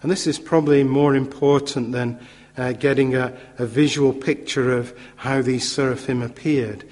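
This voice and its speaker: A man preaching a sermon in a measured, emphatic way, with occasional fillers and repetition for stress. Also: medium pitch, fairly even intonation, darkish tone. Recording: long hall reverb.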